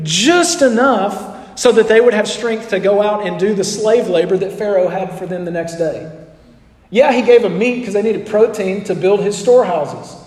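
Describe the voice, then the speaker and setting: High-voiced man preaching in an echoey hall. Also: darkish tone. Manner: conversational preaching, asks the audience questions, acts out quotes. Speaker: pastor. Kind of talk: sermon.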